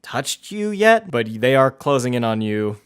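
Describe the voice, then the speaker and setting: A man narrating as game master of a tabletop role-playing game, pausing often with fillers. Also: medium pitch, very animated, clear, resonant tone. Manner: hesitant, lots of fillers.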